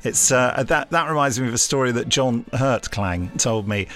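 A man's voice: mid-range voice, normal speed. A man co-hosting a podcast who asks the questions and tells anecdotes about recording sessions. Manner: lively storyteller, leading the questions. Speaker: podcast co-host and producer. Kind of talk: casual chat.

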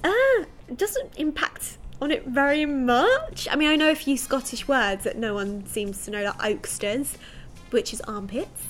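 Woman guest chatting, jokey, laughs a lot, bit high voice, faint music underneath. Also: lively intonation, a little slow, fairly bright tone. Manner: chatty and self-mocking, laughs often. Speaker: guest actress. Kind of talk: casual chat.

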